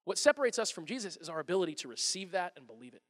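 A man in his thirties delivers a sermon as pastor, his voice very high and bright. He is animated and slips into character voices for quotes. The sound rings with the long reverb of a large hall. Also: racing.

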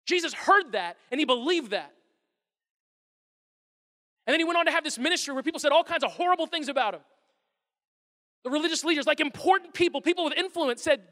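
A man in his thirties preaching a sermon as a pastor, animated and acting out quotes in different voices. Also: extremely high pitch, fairly quick. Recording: long reverb of a large hall.

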